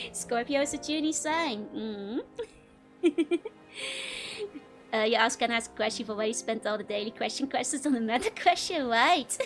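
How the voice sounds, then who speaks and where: A woman's voice: a little high, a bit bright. A young woman streamer chatting casually with viewers, giggling often between phrases.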